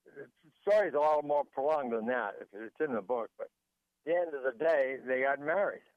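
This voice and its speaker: A man's voice: mid-range voice, expressive, normal speed, no echo. A man, a guest author, telling a rambling family story and acting out the quotes, heard over a tinny phone line. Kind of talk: storytelling interview.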